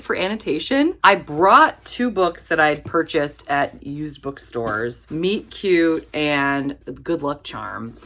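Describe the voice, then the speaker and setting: A woman's voice: on the low side, a bit bright. A woman in her thirties chatting casually about her books, bubbly and gushing, laughing often. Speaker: book vlogger. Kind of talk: casual chat.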